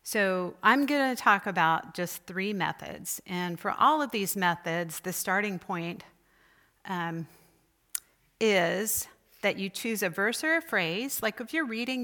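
Bright-voiced woman teaching a church class. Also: mid-range voice, expressive, slow. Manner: conversational, asks the group questions. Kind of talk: church lecture.

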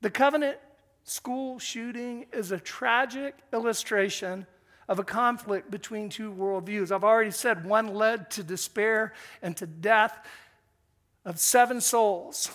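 An older man telling a story in an earnest, emotional sermon style, pausing as he speaks. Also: high voice, a bit bright.

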